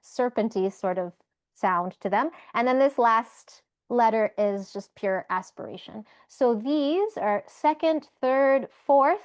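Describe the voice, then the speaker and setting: A woman with a slightly high voice teaches an online Sanskrit class over a video call, patiently modeling pronunciation one sound at a time. The recording is dry.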